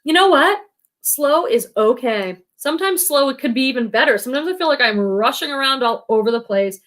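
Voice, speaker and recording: A high-voiced, chatty woman hosts a live stream for a reselling channel, casually chatting and reading out comments. Her delivery is brisk with lively intonation, and she's warm-hearted, laughs often and uses lots of fillers.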